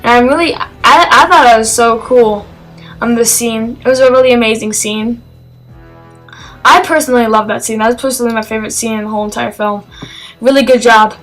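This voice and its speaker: A woman's voice: on the high side, fairly even intonation, a little fast, fairly bright tone, faint music behind, low-quality recording. Rambling, eager young-sounding woman reviewer. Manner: rambling and hesitant, with many fillers and restarts; enthusiastic. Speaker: film reviewer. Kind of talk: casual spoken film review.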